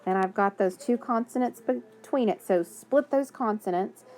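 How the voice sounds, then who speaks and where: A woman's voice: on the high side, normal speed, a little mellow. A woman teaching a phonics lesson to young children, patiently sounding out words and praising answers.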